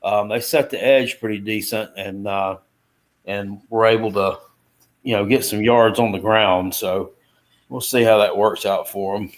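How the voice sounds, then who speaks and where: A man's voice: lowish voice, fairly even intonation, a little slow. A man co-hosting a casual sports chat show, rambling in an easygoing way. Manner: rambling, easygoing, many fillers. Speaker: co-host.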